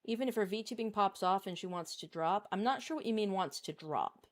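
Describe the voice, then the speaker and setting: A woman's voice: medium pitch, expressive, a little fast. Rambling woman streamer, casual chat. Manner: rambling, many fillers, candid.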